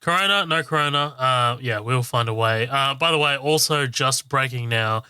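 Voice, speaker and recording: A man co-hosting a film podcast, chatting loosely and profanely with laughs and quick self-corrections. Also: mid-range voice, sharp tone, smooth, dry recording. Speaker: podcast co-host and film reviewer. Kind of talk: casual film podcast chat.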